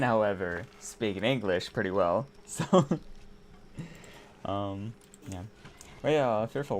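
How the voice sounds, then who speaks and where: A man's voice: lowish voice, slight background noise. An American man streaming a game, chatting casually with his viewers in a laid-back, rambling way and laughing often. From United States. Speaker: live streamer. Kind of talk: casual chat with viewers while gaming.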